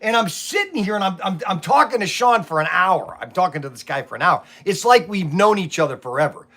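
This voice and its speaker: High, bright-voiced middle-aged shop owner. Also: male voice, fairly quick. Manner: rambling, repeats words, animated retelling of phone calls. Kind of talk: casual storytelling vlog. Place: toy and hobby shop.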